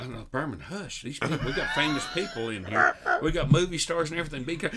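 Animated man telling a funny story. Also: mid-range voice, fast talker, hardly any pauses. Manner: animated, laughs through his stories. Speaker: comedy podcast host. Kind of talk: storytelling among friends.

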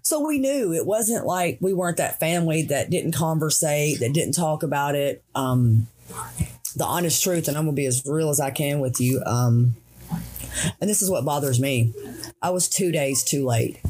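Lady in her 40s, guest on a talk show, earnest and raw, pace keeps dragging then rushing. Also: deep voice, animated, darkish tone. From Tennessee, USA. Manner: earnest, raw, slows and speeds while recounting grief. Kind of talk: emotional personal interview.

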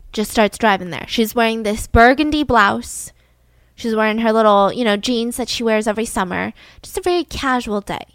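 A woman's voice: fairly high pitch, no echo. Chatty young woman telling a true-crime story. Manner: animated, acting out scenes between asides. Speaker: podcast host.

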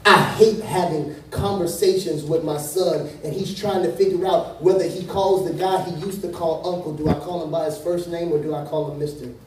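A man's voice: fairly high pitch, fairly even intonation, moderate pace, few pauses, slight background noise. Man, pastor, conversational sermon, joking then earnest, big church echo, faint room ambience. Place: church sanctuary. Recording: echoey hall from a distant mic.

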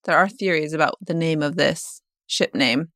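A woman with a fairly low voice co-hosts a relaxed podcast about books. She is talkative and laughs easily. The sound is dry, with no room echo. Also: moderate pace. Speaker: podcast co-host. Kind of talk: casual book-discussion chat.

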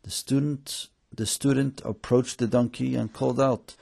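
Gravelly low-voiced man telling a story. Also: moderate pace, few pauses. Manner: voices characters with lifted excited pitch. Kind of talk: storybook narration.

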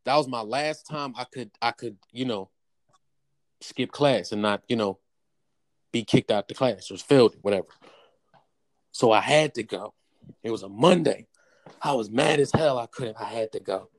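A man's voice: moderate pace, pauses often. Young man telling a profane story. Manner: animated, profane storytelling with raised-pitch quotes. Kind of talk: casual storytelling chat.

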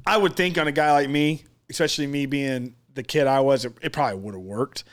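A man's voice: medium pitch, brisk. A man co-hosting a casual podcast chat, telling rambling stories with lots of fillers and laughing often. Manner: rambling storyteller, acts out quoted voices, laughs often. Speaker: podcast co-host.

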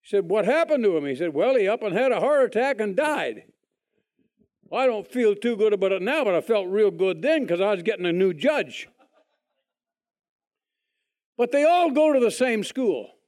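A man telling his testimony in a folksy, animated way, acting out other people's lines. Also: high-pitched, moderate pace, pauses often. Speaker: speaker giving a testimony. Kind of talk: testimony storytelling.

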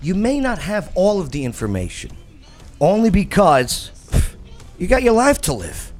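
A man's voice: high voice, wildly swooping pitch, moderate pace, faint music behind. A man hosting a casual talk show, jokey and rambling, often restarting his sentences.

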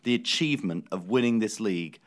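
A man's voice: fairly low pitch, animated, a little fast. A man co-hosting a football podcast, making emphatic points and repeating key words for weight. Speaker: podcast co-host. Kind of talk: football analysis chat.

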